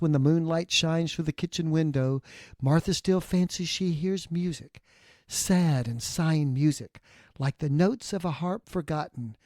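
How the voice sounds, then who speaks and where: Expressive male storyteller, higher voice. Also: no room sound, studio quality. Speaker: podcast co-host and storyteller. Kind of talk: dramatic read-aloud narration.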